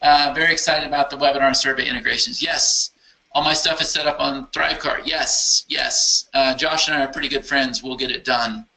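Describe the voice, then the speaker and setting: A man hosting a casual live Q&A for his software users, answering questions enthusiastically and thinking aloud as he clicks through a screen demo. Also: medium pitch, fairly even intonation, brisk, vocal fry, poor audio. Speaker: software company founder answering user questions.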